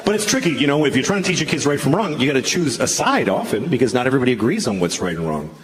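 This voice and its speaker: A man doing a stand-up routine on a club stage, delivering shocking lines in a dry, deadpan way. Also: medium pitch, racing, a little hiss or hum. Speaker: stand-up comedian. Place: comedy club stage before a laughing audience. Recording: live club recording with loud crowd laughter.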